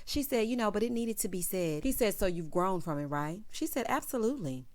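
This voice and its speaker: A woman's voice: medium pitch, animated, brisk, darkish tone. Sassy woman recapping reality TV. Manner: sassy, chatty, full of "honey" and "child" asides. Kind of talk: casual commentary recap.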